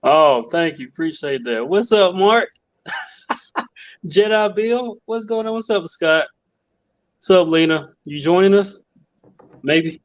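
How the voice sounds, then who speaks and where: A man's voice: high-pitched, animated, slow, long pauses, dry recording, highs cut off. A man joining a livestream from a handheld phone, easygoing in casual chat, greeting the viewers. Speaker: livestream guest. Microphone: phone held in hand.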